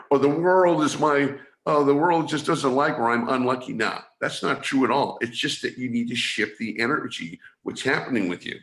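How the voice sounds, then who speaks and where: This guest is an energy awareness trainer from San Francisco, USA, earnestly explaining his training over a video call and often restarting phrases. His mid-range voice is a bit bright, and the call audio sounds roomy.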